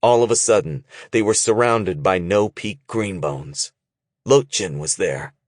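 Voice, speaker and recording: A man narrating an audiobook in a measured, expressive reading. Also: sits low, no room sound, studio quality. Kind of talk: scripted narration.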